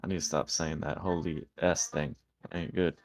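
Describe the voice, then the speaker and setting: A man hosting a live trading stream, talking through charts with excited, cussing commentary. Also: very deep voice, moderate pace, vocal fry. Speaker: livestream host trading. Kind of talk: casual livestream chat.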